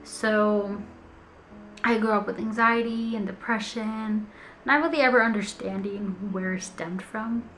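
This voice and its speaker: A woman's voice: mid-range voice, steady tone, slight background noise. Candid young woman vlogger, heartfelt. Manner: open, heartfelt, chatty with frequent laughs; slows and softens when emotional. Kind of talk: candid personal vlog.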